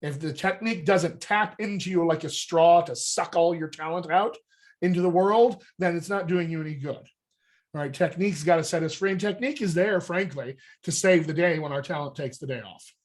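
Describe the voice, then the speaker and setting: An American voice and dialect coach explains accent technique energetically and conversationally on a group call, checking in with "all right?". His voice is on the high side and his pace moderate.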